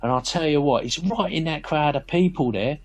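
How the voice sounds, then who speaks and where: A man's voice: a little high, moderate pace, slight background noise, close to an everyday voice. A man doing a chummy geezer. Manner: chummy, conspiratorial, keeps saying mate. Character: streetwise burly man, chatty Cockney geezer. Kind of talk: in-character tabletop role-play.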